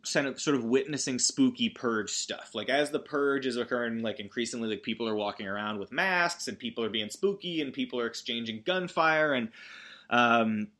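A man's voice: mid-range voice, moderate pace, fairly bright tone. A man hosting a comedic movie recap, talking in a rambling, self-interrupting, joking way.

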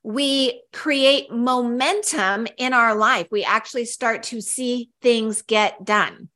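A woman's voice: on the high side, takes it slowly, pushed and bright. A woman co-hosting a casual podcast, talking in a chatty, upbeat way with frequent fillers and restarts. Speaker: podcast co-host.

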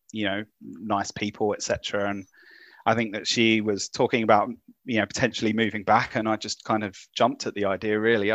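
A man's voice: on the low side, dry recording, muffled recording. A man from the UK with an English accent turning Kiwi, chatting as a podcast guest with many ums and restarts. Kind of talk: casual interview chat.

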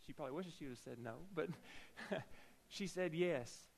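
A man's voice: fairly high pitch, normal speed, gravelly, poor audio. A man preaching a sermon, telling a personal story with humorous asides and acting out the dialogue.

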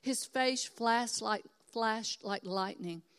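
A woman's voice: a little high, slow, a bit bright, clean tone. Earnest woman preacher from Texas. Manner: earnest, encouraging, emphatic preaching. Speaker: pastor. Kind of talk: sermon.

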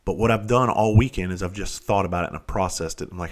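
A man with a fairly low voice tells a casual, swear-filled story. He quotes his own phone calls and gets worked up. The delivery is blunt and direct, like a vent to the camera. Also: quick pace. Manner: blunt, profane, heated storytelling with quoted dialogue. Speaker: vlogger.

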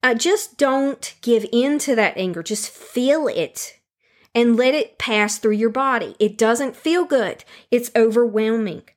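A woman giving a calm, earnest self-help talk that speaks directly to the listener and repeats key phrases for emphasis. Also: a little high, measured pace, few pauses. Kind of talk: teaching monologue on handling anger.

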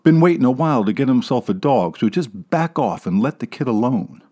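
A man's voice: mid-range voice, animated, fairly quick, a little mellow, natural voice. A man voicing a big teenage boy in a story reading, firm and confrontational, standing up for his little brother. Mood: protective.

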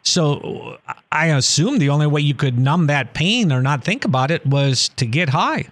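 An upbeat male radio host with a slightly raised speaking pitch, chuckling easily between questions. He is recorded dry and close on a studio mic. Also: expressive, moderate pace, fairly bright tone, dry recording. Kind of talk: radio talk show hosting.

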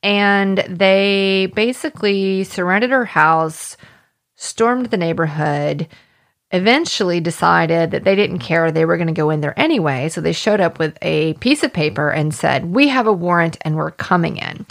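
A woman's voice: on the low side, animated, unhurried, vocal fry. A woman hosting a true-crime podcast, explaining legal points in a plain, conversational way. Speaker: podcast host.

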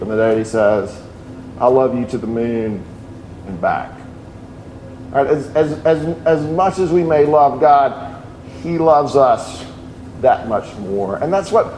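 A man's voice: on the high side, a little mellow, a little hiss or hum. A middle-aged man preaching a sermon, earnest and telling stories with many restarts. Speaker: pastor. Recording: echoey room with faint ambience.

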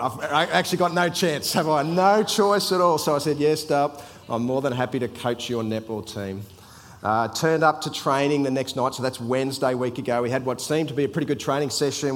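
A middle-aged man from a church ministry team, telling a chatty, anecdotal story as part of a sermon. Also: fairly high pitch. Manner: chatty, anecdotal, repeats words. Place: church hall. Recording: long hall reverb.

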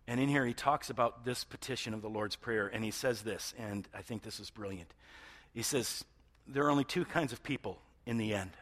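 A man preaching a sermon as pastor, moving between loud emphatic passages and hushed near-whispers. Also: mid-range voice.

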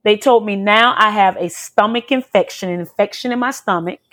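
A woman tells her personal testimony in an earnest, emotional way, circling back and repeating phrases as the story pours out. Her voice sits in a middle pitch, neither high nor low. She speaks as an interview guest, plainly and from the heart. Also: normal speed, fairly bright tone.

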